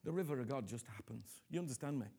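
A middle-aged man preaching a sermon, moving from hushed whispers to loud, pleading outbursts and asking his listeners again and again whether they understand him. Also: medium pitch, expressive, quick pace, husky. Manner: repeats himself, asks "you understand me?" often.

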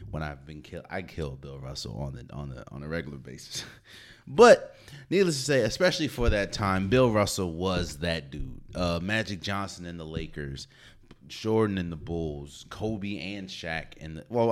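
A man hosting a solo sports podcast, talking casually and stopping to repeat words as he restarts. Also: sits low. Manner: animated, repeats words when restarting, laughs often. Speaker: podcast host. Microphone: podcast mic.

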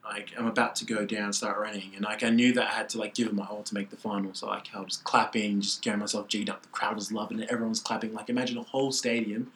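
A man's voice: lowish voice, quick pace, hardly any pauses, slight background noise, poor audio. A young man, a triple jumper, telling a story casually in an interview, saying "like" constantly. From Australia. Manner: animated, says "like" constantly.

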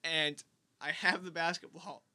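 A young man co-hosting a podcast, telling an embarrassing childhood story in animated casual chat. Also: a little high, unhurried. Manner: animated storyteller, laughs often. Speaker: podcast co-host.

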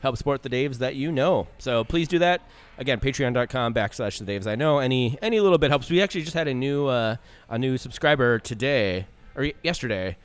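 A man's voice: medium pitch, expressive, fairly quick, few pauses, clear, resonant tone. A man in his thirties co-hosting a casual podcast in a bar, rambling, swearing and laughing a lot. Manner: laughs often, rambling with fillers and profanity. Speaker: podcast co-host.

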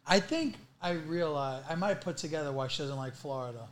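Brooklyn man as relaxed interview host, a bit high-pitched, joking and casual. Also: fairly quick. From Brooklyn, New York. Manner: easygoing, joking, asks loose questions. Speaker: podcast host.

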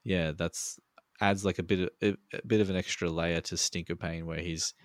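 A podcast co-host chats over a remote call, laid-back and rambling, with plenty of swearing. His low-pitched voice holds fairly even intonation at normal speed, captured in studio quality with no echo.

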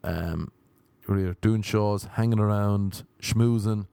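Irish male comedian-host, low register, rambling sardonic rants, dry sound. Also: steady tone, slow pace, gravelly, mellow, smooth, no room sound. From Ireland. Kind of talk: casual podcast chat.

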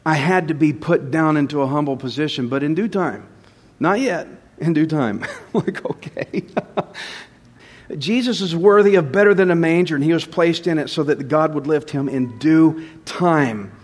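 High-voiced man preaching with soft asides. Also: moderate pace. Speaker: pastor. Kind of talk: sermon.

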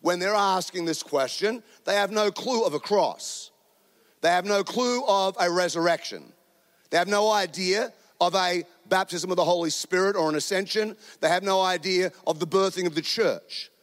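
A man's voice: high-pitched, normal speed, a bit bright, in a large hall. A man with a New Zealand accent preaching a sermon in a church, speaking into a handheld microphone, conversational and joking. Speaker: pastor. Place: church auditorium.

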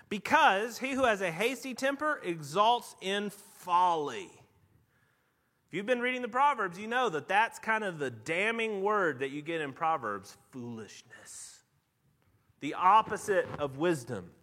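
Animated, bright-voiced male preacher. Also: high voice, measured pace, big-room sound. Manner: lively storytelling with animated rising outbursts. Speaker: pastor. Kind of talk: sermon.

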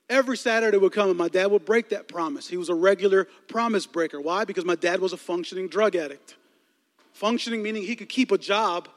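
High, animated young man preaching in a hall. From Chicago area, United States. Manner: animated, acts out voices in his stories, stammers and repeats words. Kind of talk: storytelling sermon to a live youth audience.

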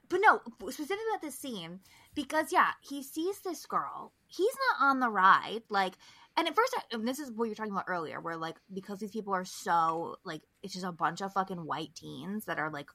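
Bright-voiced woman podcast host, animated. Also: medium pitch, normal speed, dry recording. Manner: animated, profane, heavy use of "like". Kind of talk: casual chat.

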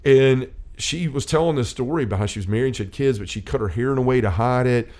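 With a medium-pitched, darkish voice and a quick pace, a middle-aged man hosts a faith-based chat. He relates a personal story in an earnest, rambling manner marked by restarts and quoted dialogue.

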